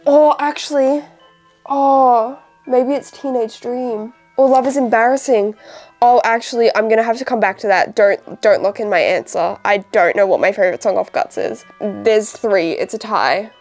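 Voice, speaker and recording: A woman's voice: mid-range voice, moderate pace, a little mellow, faint music behind. A young Australian woman in casual, rambling chat as a vlogger, wrapping presents while she talks.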